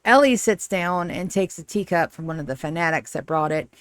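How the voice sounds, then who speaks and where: A woman's voice: on the low side, a little fast, no room sound. A woman narrating a tabletop game as game master in a casual, descriptive way on a close mic.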